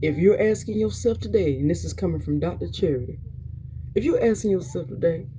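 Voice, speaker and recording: A woman's voice: fairly low pitch, lively intonation, a little fast, warm tone, a little hiss or hum. A woman preaching a weekly motivational encouragement, fervent and repetitive, urging listeners on with many restarts. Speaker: motivational speaker.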